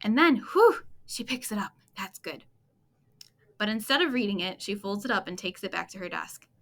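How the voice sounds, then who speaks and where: A woman reading a children's chapter book aloud at bedtime, expressive and playful, talking to young listeners. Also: medium pitch, moderate pace, vocal fry. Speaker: storytime reader.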